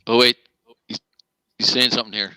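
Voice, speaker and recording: A Canadian man, an actor guest, telling an animated story on a video call and swearing freely. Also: medium pitch, brisk, clean tone, no room sound, rough recording.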